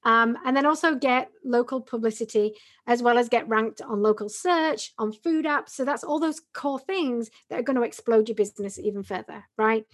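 A woman's voice: on the high side, moderate pace. A woman co-hosting a podcast, explaining in a chatty way with examples and frequent "right?" tags. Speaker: podcast co-host. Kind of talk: casual explanatory podcast talk.

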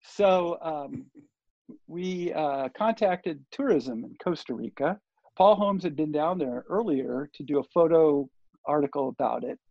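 Older male guest, gravelly and fairly high, rambling anecdote, dull dry lo-fi recording. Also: expressive, measured pace, a little mellow, no echo. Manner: rambling, full of fillers and restarts. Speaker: interview guest, surf TV producer. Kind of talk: casual storytelling interview.

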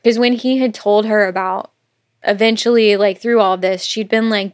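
A woman co-hosting a podcast, walking through a book's plot in loose, casual talk. She slips in quick quoted asides and the odd curse, and keeps her voice at an ordinary middle pitch. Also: fairly even intonation. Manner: retells scenes with quick quoted asides, swearing, laughing. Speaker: podcast co-host. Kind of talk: casual book recap chat.

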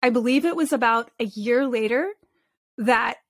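Chatty higher-voiced woman telling stories. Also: normal speed, dry recording, clean studio sound. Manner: chatty and expressive, with frequent restarts and laughter. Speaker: animal communicator guest. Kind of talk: casual storytelling interview.

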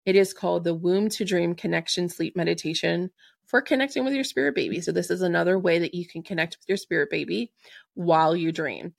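Gravelly low-voiced woman podcast host. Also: fairly quick, no echo, clean studio sound. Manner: earnest, soothing, spiritual. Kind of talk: podcast advice monologue.

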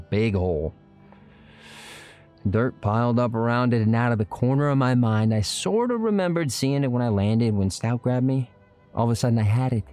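A man's voice: medium pitch, darkish tone, lightly acted. A man playing a bashful, folksy young time traveler. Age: young adult. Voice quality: folksy, colloquial, stammering when flustered. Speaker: narrator and lead character. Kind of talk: old-time radio drama acting.

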